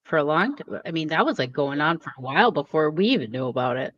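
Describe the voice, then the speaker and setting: A woman's voice: low voice, big pitch swings, fast talker, a bit bright, dry recording. Chatty Minnesotan woman guesting on a call-in show; dull, faraway line. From Minnesota, USA. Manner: chatty, laughs often. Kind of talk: casual chat on a remote call. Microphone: remote call mic. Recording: dull distant call audio.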